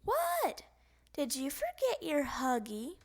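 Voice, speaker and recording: A woman's voice: sits high, wildly swooping pitch, takes it slowly, creaky, exaggerated voice. A woman voicing a patient mother frog in a read-aloud storybook, calling out in a singsong tone. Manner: calls out in a singsong, sometimes scolding.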